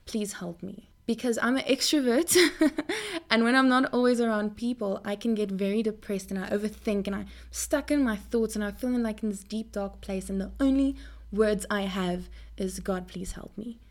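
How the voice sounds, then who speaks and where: A young woman speaking earnestly in a Christian faith talk to her viewers, often repeating words as she goes. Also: moderate pace. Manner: animated pitch jumps.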